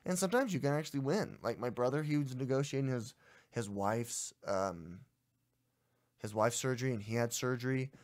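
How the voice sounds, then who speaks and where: A man's voice: medium pitch, normal speed. A young adult man co-hosting a casual podcast, telling a story in an exasperated, ranting way. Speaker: podcast co-host.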